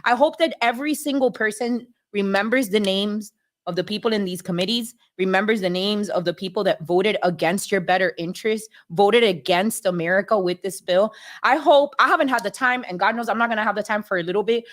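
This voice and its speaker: A woman's voice: mid-range voice, a little fast. A woman co-hosting a political podcast, ranting in heated casual talk with slang. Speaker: podcast co-host.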